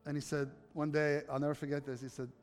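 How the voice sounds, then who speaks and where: At a quick pace, a pastor animatedly preaches through personal anecdotes, slipping into other people's voices and climbing to passionate appeals to the congregation. His voice is a touch high for a man, faint music sits beneath it, and a long hall reverb trails each line.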